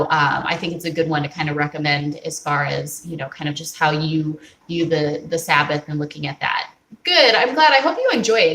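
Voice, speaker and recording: A woman's voice: on the low side, fairly bright tone, roomy sound, a little hiss or hum, rough recording. A woman in her thirties hosting a casual faith and parenting livestream from home, chatting with viewers and answering their comments. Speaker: host of a faith and family livestream. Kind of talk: casual live chat with viewers.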